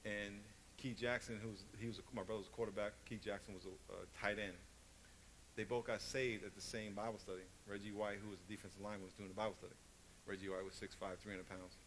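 A man's voice: fairly low pitch, level tone, fast, fairly bright tone, a little hiss or hum. A man preaching a sermon, telling stories and hammering points through emphatic repetition. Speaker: pastor.

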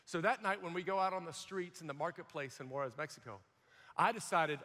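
Speaking a little fast in a big-room acoustic, a young preacher relates his own testimony. He acts out voices in an animated telling and shouts at the high points.

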